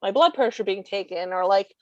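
A woman guest talking casually about life with her service dog, blunt and sarcastic with quick asides. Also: mid-range voice, lively intonation, a little mellow, dry recording, muffled recording. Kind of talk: casual chat.

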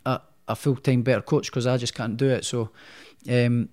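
A young professional boxer tells stories in a casual interview, rambling and animated and restarting often. He has a medium-pitched voice and speaks at a moderate pace.

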